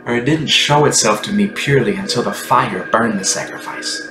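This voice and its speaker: A man giving a rambling, ecstatic spiritual monologue that sometimes drops into hushed whispers. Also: on the low side, moderate pace. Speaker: Christian content creator. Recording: echoey room with music behind.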